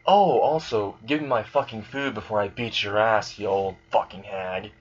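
A man's voice: fairly low pitch, normal speed, breathy edge, muffled recording. A man voicing a menacing young man who mocks and threatens people in a profane way. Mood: taunting. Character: menacing young man, cruel, taunting bully.

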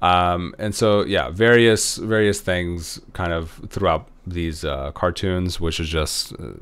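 A man's voice: sits low, fairly even intonation, slow, a bit bright, smooth. A man giving a history lecture in a loose, conversational way, full of "um" and "right?" tag questions. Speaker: history professor. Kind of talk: recorded lecture.

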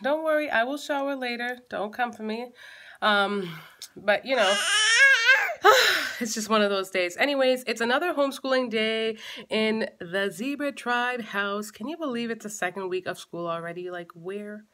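A woman's voice: moderate pace, fairly bright tone. A woman in her thirties from Canada, a homeschooling mom chatting casually to her vlog audience and talking playfully to her baby. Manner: chatty, playful, talks to her baby in a high sing-song voice.

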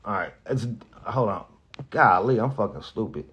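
A man, a radio host, talks candidly and off the cuff, halting and restarting often, with lots of profanity and earnest emotion. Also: lowish voice, lively intonation, fairly bright tone, a little hiss or hum. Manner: halting, rambling, heavy profanity, frequent restarts; earnest, emotional about being grateful. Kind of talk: candid off-the-cuff vlog talk.

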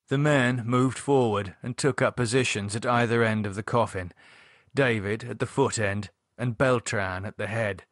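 This audiobook narrator reads a horror novel in scripted, measured, even storytelling tones. His voice is fairly low, and the recording is studio quality with no room sound.

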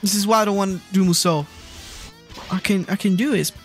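A gameplay streamer with a mid-pitched voice talks over their play, griping and swearing freely and breaking into sudden shouts at what happens on screen. Game music plays faintly underneath. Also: brisk. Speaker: streamer playing a video game. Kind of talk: live gameplay commentary.

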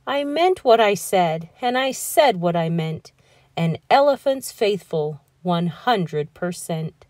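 A woman voicing a faithful, gentle male elephant in a storybook read-aloud, speaking in a steady, earnest way. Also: fairly low pitch, slow, dry recording, studio quality, voice pushed down. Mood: solemn.

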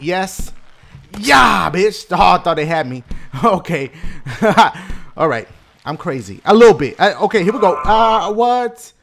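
A man hosting a gaming video, giving loud, slangy, profane play-by-play and shouting at the game. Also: high voice, slight background noise. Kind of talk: excited gameplay commentary.

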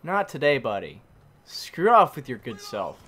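A man commentating his own game casually, muttering and then shouting in frustration, using mild minced swears. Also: medium pitch, sing-song, unhurried, a little hiss or hum. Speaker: gameplay commentator.

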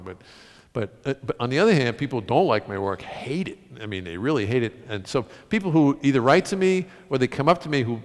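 A middle-aged man speaks to an audience from a stage, his voice swinging up and down with lively pitch. He is animated and self-mocking, stumbling over restarts as he tells stories. A long concert-hall reverb trails each phrase. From United States. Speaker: author giving a talk. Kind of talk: public reading and storytelling talk.

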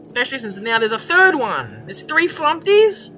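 A young adult gamer giving casual, excitable commentary over a horror game, swearing often and reacting loudly to surprises. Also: mid-range voice, moderate pace, soft background music.

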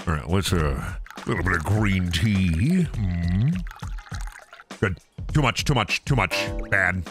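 A man's voice: lowish voice, lively intonation, a little slow, fairly bright tone, faint music behind. A young man giving goofy, joking commentary on a game stream, swearing and laughing often.

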